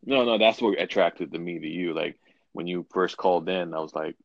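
A man's voice: low-pitched, brisk, creaky, dry recording, lo-fi sound. A man hosting a casual podcast chat, rambling with frequent restarts. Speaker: podcast host.

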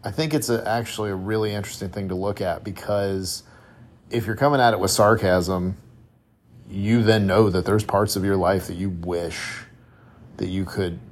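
A man's voice: low-pitched, fairly even intonation, moderate pace. A man hosting a solo motivational podcast, talking reflectively and conversationally with rhetorical questions and frequent restarts. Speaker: podcast host.

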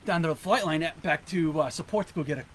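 A man co-hosting a podcast, telling stories in a rambling, animated way. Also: a little high, fast talker, a little hiss or hum. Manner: animated storyteller, rambling asides. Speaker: podcast co-host. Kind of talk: casual chat, storytelling.

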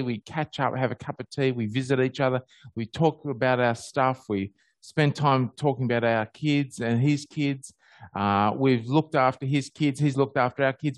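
An Australian man giving a conversational sermon, telling personal stories with animated jumps up in pitch. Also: no room sound. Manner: animated storyteller, pitch jumping high on happy moments.

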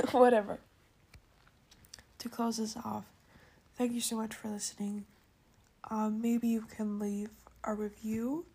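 Slow, husky-voiced woman podcaster. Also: on the high side. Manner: rambling, chatty, many fillers and soft asides. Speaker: podcast host. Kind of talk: casual solo podcast monologue.

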